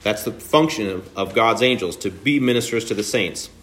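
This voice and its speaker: A man preaching a sermon in an earnest, emphatic way, slowing down and pausing on key phrases. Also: fairly low pitch, a bit bright. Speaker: pastor.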